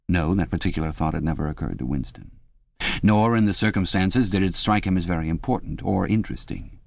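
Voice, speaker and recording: A man narrating an audiobook in a steady, measured way. His voice sits very low. The recording is dry, close and free of room sound. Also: gravelly, dry recording. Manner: even, measured reading. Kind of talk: scripted narration.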